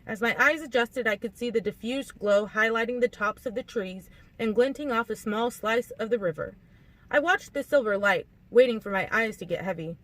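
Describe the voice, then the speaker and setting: A woman reading a novel aloud in an audiobook narration, expressive and lively, acting out the dialogue. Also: fairly high pitch, moderate pace, low-quality recording. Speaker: audiobook reader.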